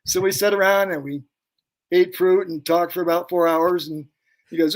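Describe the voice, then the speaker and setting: An older man, a pyrotechnic technician, guests on a podcast and tells casual stories in a high, creaky voice at a moderate pace. His anecdotes ramble, and he puts on voices for the people he quotes.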